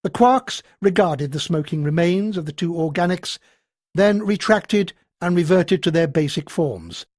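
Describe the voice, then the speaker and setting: Expressive male audiobook narrator, slightly husky. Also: sits high, a little slow, no echo, studio quality. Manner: dramatic, expressive storytelling. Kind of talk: scripted narration.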